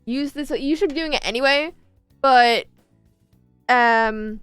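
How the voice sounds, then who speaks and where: Brief: lively young female streamer, high-ish smooth voice, faint music behind. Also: slow pace, dry recording. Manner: bubbly, chatty, playful. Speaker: streamer and artist. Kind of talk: casual stream chat.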